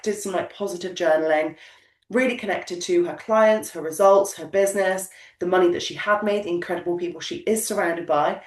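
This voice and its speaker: A woman coaching a group of business owners, speaking emphatically and repeating her points in a motivational way. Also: lowish voice. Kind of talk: coaching session talk. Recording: echoey room, distant mic.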